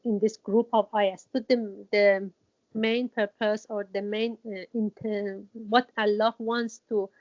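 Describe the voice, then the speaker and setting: On a dull, muffled lo-fi recording, a Quran teacher, a woman with a somewhat high voice, explains a lesson. Her delivery halts and repeats, full of fillers and restarts, and she goes back over key words to stress them.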